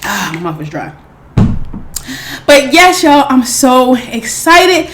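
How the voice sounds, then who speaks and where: Excitable woman with a slow, high voice. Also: a little hiss or hum. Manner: bubbly and excitable, addresses viewers as y'all. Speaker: mukbang host. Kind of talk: casual eating-show chat to viewers.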